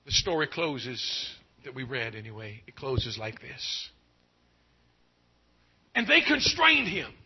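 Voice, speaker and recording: A man preaching a revival sermon, swinging from hushed pleading to loud exclaiming and stretching out key phrases. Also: mid-range voice, huge pitch swings, slow pace, pauses often, breathy edge. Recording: dull lo-fi sound.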